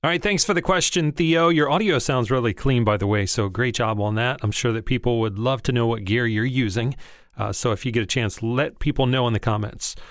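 A man's voice: mid-range voice, a little fast, no echo, studio quality. A man hosting a podcast, talking to listeners in an upbeat, direct, casual way. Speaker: podcast host. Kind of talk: podcast monologue.

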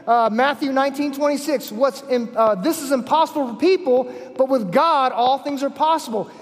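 A man's voice: very high-pitched, moderate pace. A man preaching a sermon at a conference, emphatic, repeating key phrases and telling stories. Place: large conference hall. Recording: long hall reverb.

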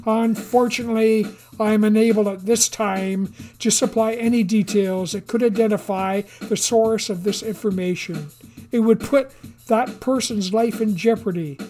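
A reader voicing a boastful male senator who speaks in a sonorous Texas twang and pitches his voice higher for speechmaking. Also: fairly even intonation, normal speed, mellow, soft background music, close to an everyday voice. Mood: grandstanding. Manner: raised pitch, grandstanding speechmaking. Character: boastful male Texan senator, showy and self-satisfied.

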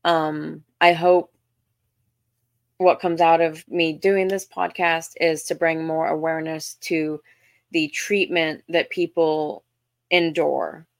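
A woman's voice: sits low, flat delivery, slow, vocal fry, dry recording, clean studio sound. A young woman with a Southern US accent hosting her own podcast, telling stories in a chatty, self-deprecating way with lots of restarts. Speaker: podcast host. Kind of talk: casual storytelling monologue.

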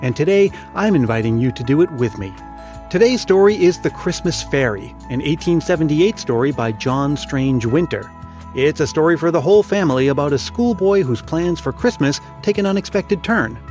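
Gentle male storyteller with soft music. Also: fairly high pitch, expressive, normal speed. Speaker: podcast host and storyteller. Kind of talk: scripted narration of a classic story.

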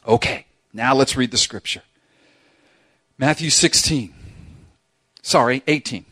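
A pastor delivers a sermon in a church sanctuary, speaking slowly in a medium-pitched voice with no echo. His style is emphatic and animated, full of repetition, with occasional acted-out voices.

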